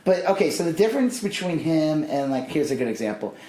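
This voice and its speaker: A man co-hosting a podcast in casual comedic chat, joking and slipping into mocking high voices. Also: very animated, fast talker, dark tone, reverberant, slight background noise, rough recording. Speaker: podcast co-host.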